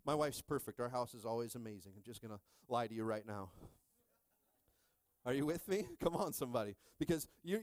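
A middle-aged man pastor preaching a sermon with call-and-response, joking with the congregation and rising into shouted stretches. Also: medium pitch, expressive, fairly quick, dry recording.

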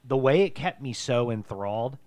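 A man co-hosting a casual movie review podcast, excitable and swearing, with sudden loud outbursts. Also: medium pitch, normal speed, no room sound. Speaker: podcast co-host.

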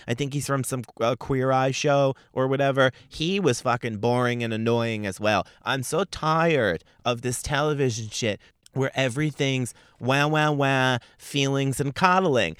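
A man's voice: medium pitch, clear, resonant tone, no echo, studio quality. A young man hosting a solo podcast, ranting in a sassy, profane, mocking way. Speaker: podcast host.

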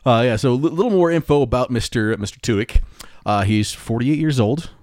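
A man's voice: mid-range voice, a little fast, darkish tone, no echo, clean studio sound. A man co-hosting a podcast, chatting casually, joking and laughing as he reads out facts. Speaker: podcast co-host. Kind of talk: casual chat.

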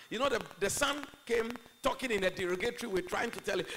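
A man preaching a sermon, impassioned, swinging between loud declarations and quiet asides. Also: high voice, expressive, fast talker, few pauses, a little hiss or hum, rough recording. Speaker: pastor.

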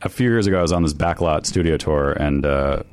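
A man's voice: very deep voice, fairly quick, a little mellow, clean tone. A man in casual comedic chat, laid-back and hesitant, with many fillers.

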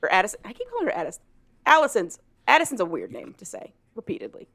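A woman's voice: medium pitch, huge pitch swings, fast, fairly bright tone, breathy edge, no echo. A woman in casual chat, animatedly retelling a story and swearing freely.

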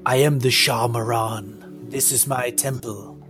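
A man voicing an ancient female snake creature who guards her temple, speaking slowly, quietly and imperiously in a tabletop game. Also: medium pitch, fairly even intonation, over music, close to an everyday voice. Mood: aloof. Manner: slow, hushed and imperious.

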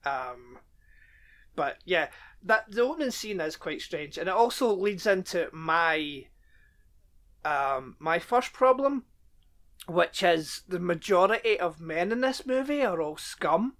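A man's voice: sits high, animated, takes it slowly, fairly bright tone. A man co-hosting a podcast, chatting casually about a film with frequent ums and easy chuckles. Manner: laid-back, chuckling, many ums. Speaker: podcast co-host. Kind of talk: casual chat.

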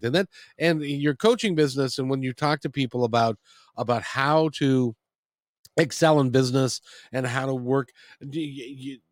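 A man's voice: medium pitch, no room sound, clean studio sound. A man hosting an interview, asking questions and sharing reflective personal thoughts. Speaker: interviewer, host. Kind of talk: conversational interview.

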